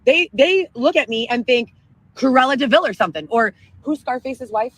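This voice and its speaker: A woman telling a long profane story in an excitable livestream rant. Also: high voice, moderate pace, husky, no echo, poor audio. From Chicago area, Illinois. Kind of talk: ranting livestream monologue.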